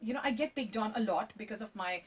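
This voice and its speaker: A woman, hosting a casual radio interview in a studio, exclamatory and quick to laugh. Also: mid-range voice, husky. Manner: exclamatory, laughs often, enthusiastic. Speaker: radio host. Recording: voice slightly distant from mic.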